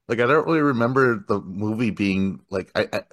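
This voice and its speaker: A man's voice: lowish voice, fairly bright tone, no room sound. A man in casual podcast chat, laid-back and joking.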